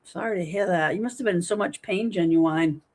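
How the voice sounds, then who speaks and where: A woman's voice: on the low side, brisk, a little mellow. A woman in her fifties hosting a casual livestream from home, chatting animatedly and reading viewer comments aloud. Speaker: livestream host.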